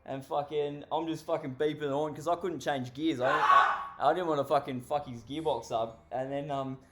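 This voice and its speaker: A man's voice: fairly high pitch, steady tone, moderate pace, very noisy. An Australian man telling a story casually, rambling and swearing constantly, often laughing. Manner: heavily profane, rambling, laughs while telling.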